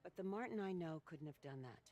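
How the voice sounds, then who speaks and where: A weary caring older aunt. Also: female voice, lowish voice, lively intonation, fairly quick, darkish tone. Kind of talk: video game voice acting.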